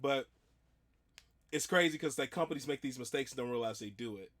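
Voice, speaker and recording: A man's voice: medium pitch, fairly quick, fairly bright tone. A man hosting a reaction video, talking in a rambling, chatty way full of restarts. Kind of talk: casual reaction commentary.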